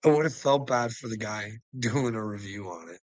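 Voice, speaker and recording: A man's voice: fairly low pitch, animated, moderate pace, no echo, poor audio. A man hosting a casual livestream, ranting profanely and rambling, laughing often as he talks. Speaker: livestream host.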